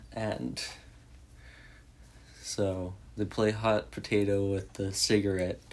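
A man casually recapping a movie in a rambling way, full of "like" and restarts. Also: low voice. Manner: rambling, heavy use of "like". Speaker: movie reviewer.

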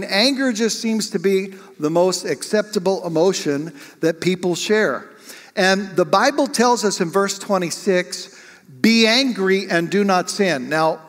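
A man preaching as a pastor, talking conversationally and asking the congregation questions. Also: high-pitched. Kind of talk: sermon. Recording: long hall reverb.

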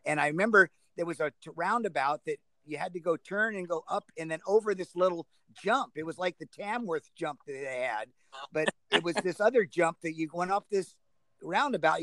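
A man's voice: high-pitched, fairly bright tone, dry recording. A man, chatting outdoors on a video call and rambling through old stories with chuckles. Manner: rambling, chuckling, restarts a lot. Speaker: guest, former speedway rider. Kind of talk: casual storytelling chat.

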